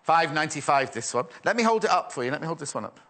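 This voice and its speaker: A man's voice: fairly high pitch, expressive, very fast, fairly bright tone. A man presenting a shopping channel, chatty and rambling, joking and reading out viewer messages. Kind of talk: live shopping channel chat.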